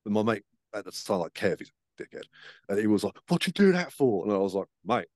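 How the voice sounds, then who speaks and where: A man's voice: fairly low pitch, steady tone, quick pace, darkish tone, no room sound, studio quality. A man chatting casually on a podcast, swearing freely and acting out the voices in his stories. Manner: sweary, storytelling with acted-out voices. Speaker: podcast co-host. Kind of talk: casual chat.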